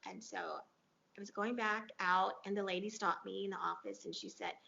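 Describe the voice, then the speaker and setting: Gravelly-voiced woman telling a heartfelt story. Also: medium pitch, steady tone, normal speed, pushed and bright. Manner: earnest, emotional retelling with quoted dialogue. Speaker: interview guest. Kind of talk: personal storytelling in an interview. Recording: dull lo-fi audio.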